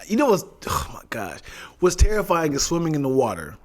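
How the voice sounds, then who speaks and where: A man co-hosting a podcast in casual chat, an animated storyteller who jumps into shrill voices when quoting people. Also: a little fast. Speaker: podcast co-host.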